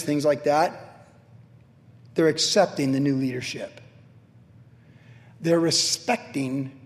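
Male pastor, verse-by-verse sermon, conversational and animated, slightly high voice, long reverb. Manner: conversational, animated, asks "right?" often.

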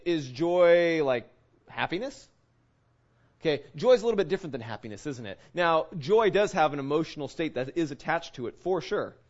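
A man giving a conversational Bible teaching, earnest, often checking in with his listeners and restarting his words. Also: a little high. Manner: earnest, keeps asking "right?", restarts words. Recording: dull lo-fi recording.

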